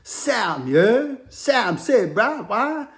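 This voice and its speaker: A man voicing a male inmate in a slurred, drawn-out slang voice. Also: very high-pitched, very animated, a bit bright, full character voice. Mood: loose. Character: young white male inmate, slangy and loose.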